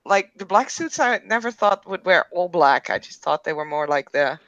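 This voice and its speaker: A woman playing a tabletop role-playing game, talking softly and hesitantly with many fillers, on a dull lo-fi recording. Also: fairly low pitch, animated, moderate pace, no echo. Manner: soft-spoken, hesitant, with frequent fillers. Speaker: player. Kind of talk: casual chat at a tabletop game. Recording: dull lo-fi sound.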